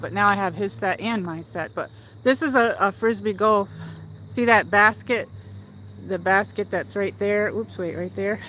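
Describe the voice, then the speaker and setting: A woman's voice: medium pitch, a bit bright, slight background noise, low-quality recording. Breathless woman chatting on a hill walk. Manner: rambling, chatty, talks to viewers while walking. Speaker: livestream host. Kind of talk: casual walking livestream chat. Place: outdoors on a hill in a lakeside park.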